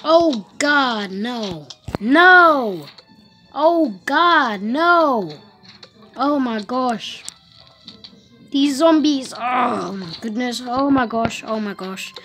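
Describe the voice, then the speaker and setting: At home, a woman with a slightly high voice gives casual commentary on her gameplay, sounding excitable and panicky. She repeats words in quick bursts while music plays over her.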